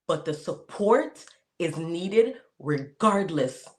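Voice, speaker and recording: A man hosting a podcast, talking casually and telling stories with animated, laughing energy. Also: on the high side, slow. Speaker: podcast host. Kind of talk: casual conversation.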